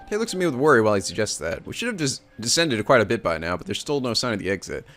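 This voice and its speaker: A man hosting a let's play, reading the game's text aloud with animated, laughing asides. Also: lowish voice, racing.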